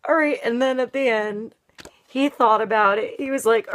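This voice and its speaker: A woman's voice: fairly high pitch, normal speed, a bit bright. A woman giving a casual tarot reading, rambling with lots of "like" and frequent laughter. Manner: rambling, laughing, heavy use of "like". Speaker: tarot reader.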